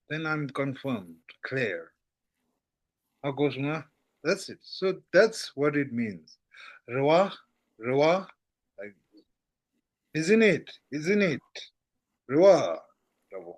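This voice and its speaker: A man's voice: on the high side, expressive. A man teaching an online language lesson, patient and repetitive, often checking whether students follow. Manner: slow, patient, repeats checks like "how goes, no?". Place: online class over a shaky internet connection.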